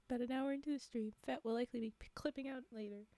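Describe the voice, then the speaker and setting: A woman's voice: on the high side, steady tone, fast talker, dark tone, no room sound. A woman streaming live from a home setup on a desk microphone, chatting casually, giggling often and poking fun at herself. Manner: giggly, rambling, self-mocking.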